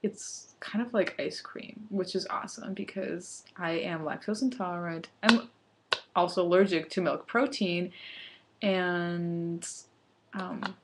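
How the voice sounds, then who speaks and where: Chatty young woman, slightly low voice. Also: steady tone, takes it slowly, noisy background. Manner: chatty, laughs often, talks with mouth full. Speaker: vlogger. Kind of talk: casual recipe vlog.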